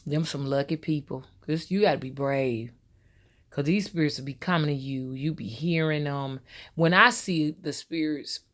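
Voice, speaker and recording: A woman tells a rambling, personal story straight to her viewers. She talks casually and keeps calling out to her audience as a spiritual rootworker. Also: sits low. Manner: loose, storytelling, addresses viewers as y'all. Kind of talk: casual spoken monologue to viewers.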